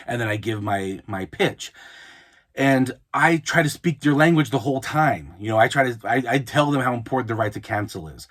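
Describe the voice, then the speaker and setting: A man's voice: mid-range voice, animated, brisk, fairly bright tone. A man hosting an advice podcast, talking casually and often restarting his sentences. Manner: conversational, frequent restarts and repeated words. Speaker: podcast host, mobile notary. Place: Utah, United States.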